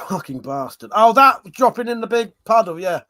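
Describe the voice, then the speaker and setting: A fairly high-voiced man hosts a laid-back livestream, chatting with his viewers. He talks crudely, swears freely and keeps breaking into laughter. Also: very animated, normal speed, pushed and bright. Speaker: livestream host. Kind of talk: casual chat with live chat.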